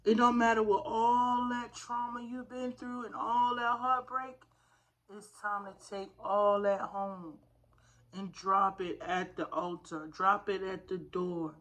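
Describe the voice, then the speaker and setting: A woman's voice: mid-range voice, level tone, takes it slowly, a bit bright. A woman giving a spiritual tarot reading in a fervent, preacher-like way, calling her listeners y'all. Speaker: tarot reader.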